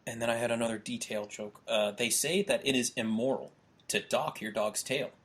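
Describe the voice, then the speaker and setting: A man's voice: mid-range voice, steady tone, normal speed, a bit bright, husky. A young man hosting a casual podcast, reading out his own jokes and laughing along with them. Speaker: podcast host.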